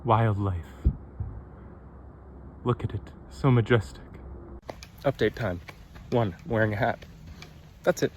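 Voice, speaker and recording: A young man vlogs on a wooded trail outdoors, filmed with a handheld camera for a casual hiking video. His voice is lowish and he speaks slowly with frequent pauses. His tone is upbeat and self-teasing.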